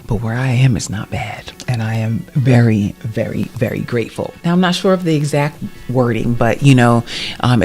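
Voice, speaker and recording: A middle-aged woman who works as a real estate agent, sharing a personal testimony in a casual vlog. She talks emphatically and repeats phrases for stress, moving between soft asides and excited bursts. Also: sits low.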